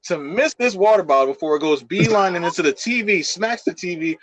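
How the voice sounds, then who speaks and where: A man's voice: high voice, a little fast. A young man co-hosting a podcast who tells a story casually and animatedly, full of fillers and swearing. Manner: animated, profane, many fillers. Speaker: podcast co-host.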